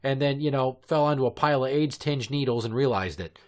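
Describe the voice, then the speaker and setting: Male podcast host in his thirties, mid-pitched, crude comic storyteller who rambles in long profane rants. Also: brisk.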